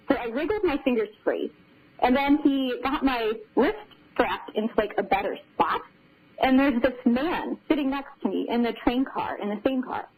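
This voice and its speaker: A woman's voice: on the high side, moderate pace, low-quality recording. A woman telling a long dream story on a radio show, laughing often as she talks. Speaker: caller sharing a dream.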